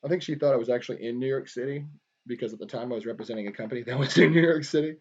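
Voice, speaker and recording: A man's voice: mid-range voice, very fast, darkish tone, slightly rough, dull audio. A man chatting casually while he draws on a live stream, rambling along with lots of fillers and restarts. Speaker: artist live-streaming a drawing session. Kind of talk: casual chat while drawing. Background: faint guitar music.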